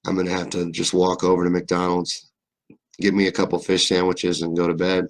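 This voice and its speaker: A young man with a very low, deep voice and a faint Southern drawl, from Kentucky, hosting a live stream. He reads viewer comments and riffs on them in a loose, rambling way, cracking jokes and swearing freely. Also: monotone, brisk. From Kentucky, USA. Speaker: livestream host. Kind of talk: casual live-stream chat reading comments.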